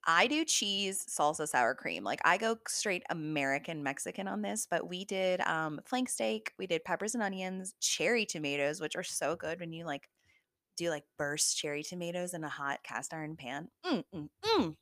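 A woman's voice: lowish voice, moderate pace, fairly bright tone, dry recording, studio quality. A woman hosting a casual solo podcast, chatty and gushing, filling her talk with "like" and the odd swear word. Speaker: podcast host.

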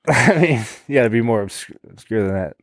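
A man's voice: mid-range voice, expressive, moderate pace, dry recording, clean studio sound. A man co-hosting a podcast, laid-back as he asks the others hypothetical questions. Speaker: podcast co-host. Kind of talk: casual podcast chat.

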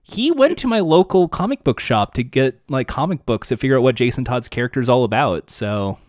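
A man's voice: mid-range voice, fairly quick, no echo, clean studio sound. A man co-hosting a podcast, chatting casually about a TV episode, laughing often and swearing freely. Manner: animated, laughing, swearing, puts on goofy voices. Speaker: podcast co-host. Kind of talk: casual chat reviewing a TV episode.

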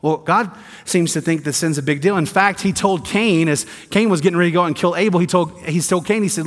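A male pastor delivers a sermon, dropping to quiet, deliberate points and then building in intensity, sometimes with sarcasm. His voice sits slightly high for a man. The sound rings out with the long reverb of a large church hall. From American South. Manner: swings from quiet emphasis to rising intensity, sarcastic asides.

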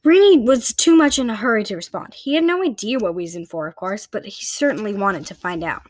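A woman's voice: mid-range voice, animated, a little fast, no room sound, studio quality. A woman reading a children's novel aloud in a plain, unpolished way, with occasional slips and restarts. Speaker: reader.

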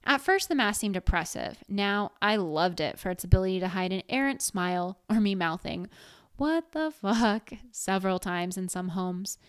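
A woman's voice: lowish voice, normal speed, hardly any pauses, clean tone, no echo. A woman narrating a first-person story in a wry, sarcastic, conversational way, recorded close to the mic.

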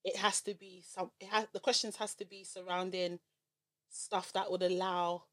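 A woman's voice: on the low side, level tone, normal speed, fairly bright tone. A woman co-hosting a podcast, explaining her views at length in casual, opinionated chat. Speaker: podcast co-host.

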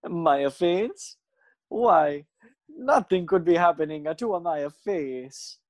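A nervous, stammering impostor man who is only pretending to be Italian, as a woman puts him on. He sputters excuses in a lowish, dry voice, close to the mic, in a comedy sketch. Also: expressive, slow, a little mellow, no room sound. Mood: flustered.

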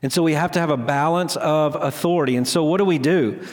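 A middle-aged male pastor delivering a sermon in a slightly higher-than-usual voice. He talks in a loose, conversational way and pokes fun at himself. His voice carries a long reverb from a large hall. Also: quick pace. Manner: conversational, self-deprecating, with frequent restarts.

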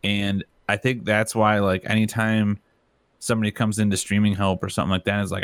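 A male streamer talking casually in a fairly low voice. He is laid-back and blunt, dropping swear words offhandedly. The recording is dry and close. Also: level tone, a little fast, no room sound. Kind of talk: casual chat.

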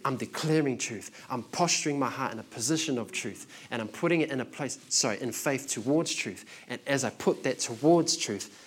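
A man's voice: medium pitch, moderate pace, few pauses. Earnest preacher man delivering a sermon. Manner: earnest, shifts from animated storytelling to soft prayerful tones. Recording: recorded sermon.

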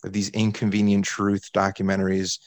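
A man's voice: low-pitched, monotone, fairly quick, dry recording. A man co-hosting a casual podcast, thinking aloud with frequent restarts and repeated words. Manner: hesitant, restarts and repeats while working out a point.

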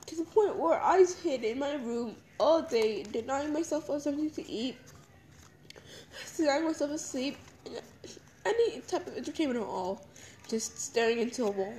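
A young woman crying as she talks through her feelings in a halting, repetitive confessional monologue. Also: high-pitched, expressive, dark tone, slight background noise, poor audio. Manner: halting, emotional, repeats herself. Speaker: podcast host.

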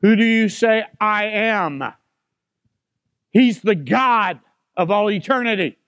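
A man's voice: high voice, takes it slowly, a bit bright, no echo. A man preaching a sermon as pastor, stressing key phrases by repeating them and putting questions to the congregation.

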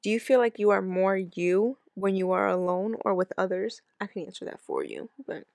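A woman co-hosting a casual chat who rants in quick bursts and talks over her partner. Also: medium pitch, big pitch swings, vocal fry, a little mellow, no room sound, clean studio sound. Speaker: podcast co-host.

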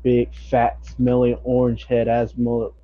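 A man's voice: medium pitch, completely flat delivery, a little slow, no echo. Young man, blunt, dull lo-fi sound. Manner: blunt, swearing, restless. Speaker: podcast co-host. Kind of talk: casual chat. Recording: dull lo-fi recording.

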